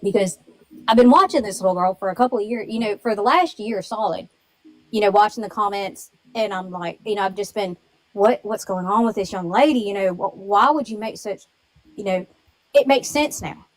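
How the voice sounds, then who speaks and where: On a low-quality recording, a woman phones in to a livestream and rambles earnestly, full of emotion. She has a medium-pitched voice and speaks fairly quickly.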